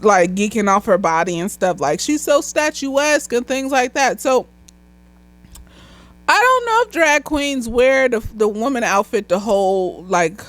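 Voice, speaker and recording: A woman's voice: fairly high pitch, dry recording. A young woman, a therapist a little tipsy, rambling through a casual movie review with lots of swearing and laughter. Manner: rambling, profane, laughs often. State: slightly tipsy.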